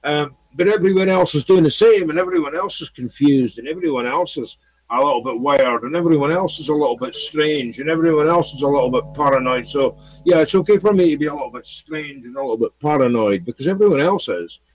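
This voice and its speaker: A man's voice: on the high side, expressive, brisk, low-quality recording. A man from Scotland talking to his viewers in a rambling, repetitive monologue full of fillers. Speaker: video blogger. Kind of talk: casual monologue to camera.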